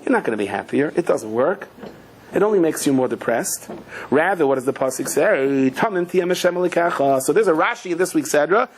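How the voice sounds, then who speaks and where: A man, a rabbi giving a Torah class, telling stories with light humor and acting out quoted voices, mixing in Yiddish and Hebrew words. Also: a little hiss or hum. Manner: animated storyteller, acts out quoted voices with sudden high pitch.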